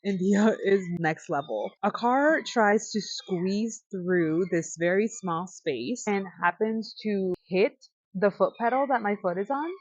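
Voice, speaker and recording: A woman's voice: medium pitch, slow, dry recording, dull audio. A woman from the United States telling a travel story in a casual storytime, slangy and swearing now and then. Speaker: vlogger.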